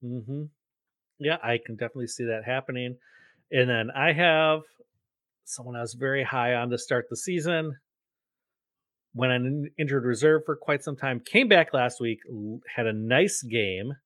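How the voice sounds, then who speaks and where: A man's voice: medium pitch, normal speed, a bit bright, no echo. A man co-hosting a podcast, talking through picks and stats in casual chat. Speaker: podcast co-host. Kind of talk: casual sports betting chat.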